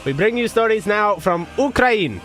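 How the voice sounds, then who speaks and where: A man putting on a fake Russian accent as a bumbling, proud Soviet newsreader, speaking loud and cheerful in broken English. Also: high voice, expressive, moderate pace, soft background music, pitched above the performer's own voice. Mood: proud deadpan. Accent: put-on Russian.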